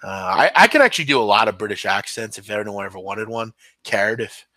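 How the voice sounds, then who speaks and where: Animated and brisk, a podcast host with a low-side voice answers viewers in a casual live-stream chat. His bright, forceful delivery, free of echo, wanders and hesitates, full of ums and restarts.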